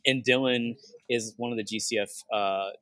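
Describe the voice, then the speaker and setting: A man's voice: mid-range voice, normal speed, no room sound. A young man hosting a casual podcast chat, telling stories with laughs along the way. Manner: laughing, animated storytelling. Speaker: podcast host.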